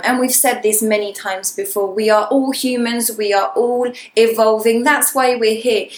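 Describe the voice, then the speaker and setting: Woman cohost talking self-help, earnest and encouraging, mid pitch, echoey room. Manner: earnest, encouraging, thinks aloud with restarts. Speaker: podcast co-host. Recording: roomy echo.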